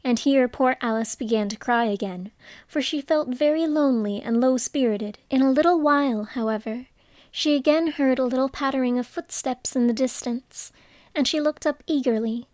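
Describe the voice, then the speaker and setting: A woman narrating a storybook in a measured, expressive way. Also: high voice, dry recording. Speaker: audiobook narrator.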